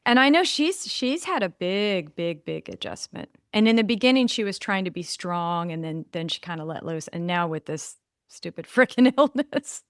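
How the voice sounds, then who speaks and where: A woman's voice: lowish voice, normal speed, clean tone, no echo, clean studio sound. A middle-aged woman hosting a podcast, chatting casually and animatedly, laughing easily. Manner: animated, laughing, acts out quotes. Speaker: podcast host. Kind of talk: casual chat.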